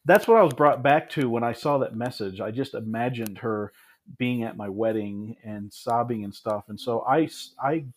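A man in his thirties from Michigan, a podcast guest telling his story in a relaxed, reflective way, with frequent restarts and asides. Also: fairly low pitch. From Michigan, USA. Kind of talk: casual storytelling in an interview.

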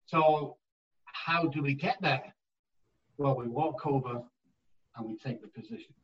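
A man working as an addiction therapist, telling stories in an interview in an emphatic, animated way and acting out the voices he quotes. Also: medium pitch, measured pace, far from the mic, highs cut off. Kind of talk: storytelling in a conversational interview.

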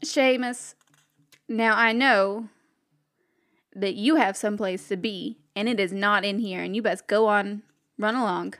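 A woman's voice: medium pitch, fairly even intonation, a bit bright. A woman voicing a stern, wary servant woman who scolds and speaks firmly. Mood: scolding. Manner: firm, scolding, drawn-out phrasing.

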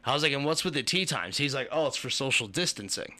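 Bright-voiced profane man telling a story. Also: medium pitch, fast talker, hardly any pauses. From Kentucky tri-state area. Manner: profane, rambling, animated storyteller. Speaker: podcast co-host. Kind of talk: casual storytelling chat.

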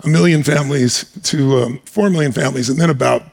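A guest speaker on stage tells a personal story, animated and emphatic, acting out the scenes. He talks fast in a mid-range, creaky voice.

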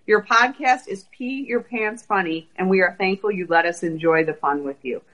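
A middle-aged woman co-hosting a family podcast, chatting and reading a listener review in a warm, encouraging manner. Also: medium pitch, normal speed, dull audio. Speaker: podcast co-host. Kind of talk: casual podcast chat.

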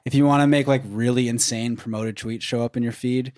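A man's voice: mid-range voice, fairly even intonation, a little mellow, no echo, studio quality. A man co-hosting a podcast, chatting casually and filling his talk with "like". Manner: fast, filler-heavy, lots of "like". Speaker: podcast co-host. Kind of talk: casual chat.

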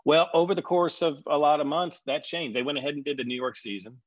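A middle-aged man telling a story in conversation, animated, acting out the people he quotes. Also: on the high side, quick pace, dry recording. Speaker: guest recalling a reality show reunion. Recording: dry, slightly dull sound.

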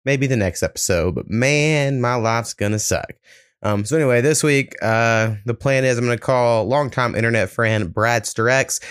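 A man's voice: medium pitch, moderate pace, fairly bright tone, smooth, no echo, clean studio sound. A man hosting a podcast in a loose, laid-back way, swearing often. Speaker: podcast host. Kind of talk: casual podcast chat.

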